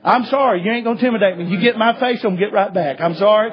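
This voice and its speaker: A man preaching a sermon, telling a story in a folksy way and swinging from hushed tones to shouts. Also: high-pitched, very fast. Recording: dull lo-fi recording.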